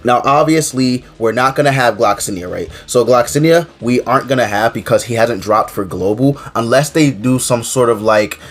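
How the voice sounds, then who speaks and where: A man with a mid-range voice, congested and stuffy from a cold, chats casually about a mobile game. He rambles with lots of fillers and keeps circling back to "to be honest". Quiet music plays faintly underneath. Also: medium pitch, moderate pace, few pauses. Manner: rambling, filler-heavy, often says "to be honest". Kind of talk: casual gaming commentary.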